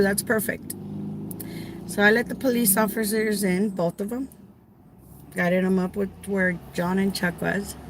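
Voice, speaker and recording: Background noise runs behind a middle-aged woman with a lowish voice, a caregiver chatting casually with her viewers. Her story is told in an animated way, dialogue acted out and her own quoted lines delivered louder.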